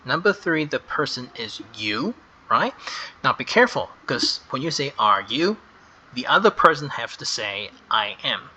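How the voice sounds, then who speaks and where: A man walks through a grammar lesson at a very slow, deliberate pace. His voice is bright and sharp, and he leans on the key words as he explains. The delivery is patient and step by step. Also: medium pitch, very animated, slight background noise. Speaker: English grammar teacher.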